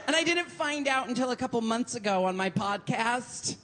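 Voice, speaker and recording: Animated self-mocking stand-up woman. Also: a little high, moderate pace, a little hiss or hum. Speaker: stand-up comedian. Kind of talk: stand-up comedy storytelling.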